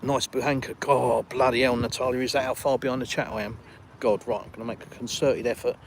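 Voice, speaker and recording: A retired Englishman hosting a live stream outdoors, reading out viewer comments and answering them in relaxed, chatty talk. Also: medium pitch, fairly quick, slight background noise. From England. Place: outdoors in a village, walking.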